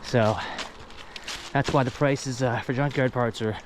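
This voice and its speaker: A man's voice: mid-range voice, fairly even intonation, measured pace, background noise. A man casually narrating a vlog while hiking through an outdoor junkyard, out of breath, chatty and rambling as he goes. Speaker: vlogger.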